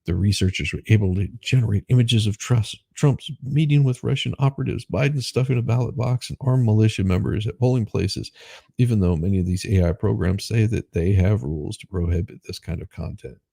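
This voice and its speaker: Gravelly-voiced man doing sarcastic news commentary. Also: fairly low pitch, fairly quick, dark tone, no echo, studio quality. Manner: sarcastic, rambling asides; self-deprecating. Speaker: host. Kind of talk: casual news commentary reading articles aloud.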